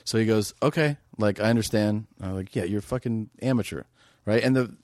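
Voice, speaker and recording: Comedian guest, middle-aged man, low voice, loose rambling delivery, dry mic. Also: fairly quick, no echo. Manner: relaxed, rambling, frequent restarts and "like". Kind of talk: casual chat.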